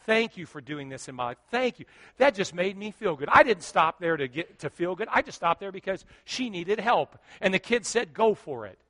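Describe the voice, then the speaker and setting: A middle-aged male pastor telling a story in a sermon, animated and joking, acting out what people said. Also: high voice, moderate pace. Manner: animated, joking, acts out quotes.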